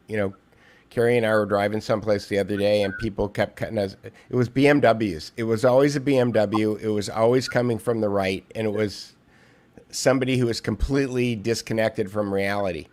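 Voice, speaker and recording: A man with a lowish voice talks as a guest on a podcast, telling a long joke. He circles around his points with stops and restarts. The sound is a remote call. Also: darkish tone. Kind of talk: casual conversation with storytelling.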